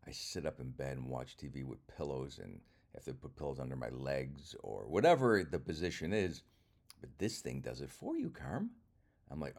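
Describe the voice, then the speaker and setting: A very low, deep voice from an older man rambling casually. He is wry and self-mocking, drops swear words without a pause, and talks like a comedian telling stories to camera. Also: big pitch swings, creaky.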